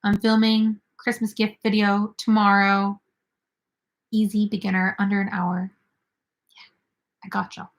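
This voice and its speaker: A woman's voice: medium pitch, completely flat delivery, a little slow, long pauses. A young woman in casual chat as the host of a crochet livestream, reading viewer comments aloud and answering them.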